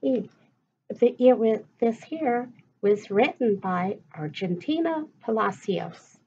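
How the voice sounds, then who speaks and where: Slow-reading woman teacher, lo-fi sound. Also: on the high side, expressive, background noise. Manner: stops to ask listeners questions. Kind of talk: reading a picture book aloud to children.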